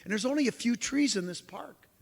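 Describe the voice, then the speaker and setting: High-voiced man telling a story in a hall. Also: fairly quick, gravelly. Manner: animated storyteller, voices quoted exclamations loudly. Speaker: lecturer. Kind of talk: storytelling lecture. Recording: long hall reverb.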